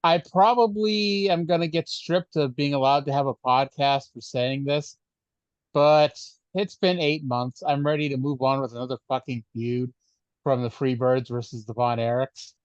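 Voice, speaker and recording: Sarcastic podcast co-host, dull dry sound. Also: male voice, medium pitch, steady tone, normal speed, clean tone, dry recording. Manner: sarcastic, profane. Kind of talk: casual chat.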